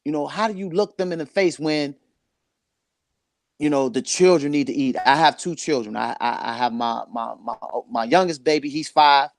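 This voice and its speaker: A man in his forties, whose voice sits on the high side at a normal speed, shares his life story as a guest in a candid conversation. Earnest and emotional, he repeats phrases for emphasis, and the recording is dry.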